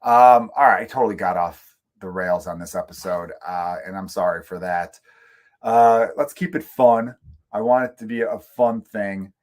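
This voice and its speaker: Recording from a room in his home, a middle-aged man runs his own comedy podcast in a lowish voice at normal speed. His talk is a loose, rambling rant of opinions, full of free swearing.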